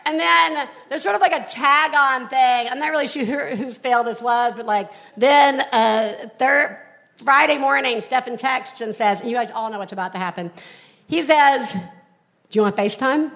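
Brash high-pitched female co-host, gravelly fry, mock-scolding live on stage. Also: normal speed, fairly bright tone. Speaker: podcast co-host. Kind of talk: live comedy podcast chat. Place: live stage before an audience.

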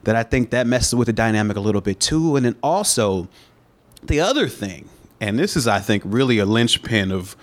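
A man co-hosting a wrestling podcast, giving measured, thoughtful analysis in casual chat. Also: on the low side, expressive. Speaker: podcast co-host.

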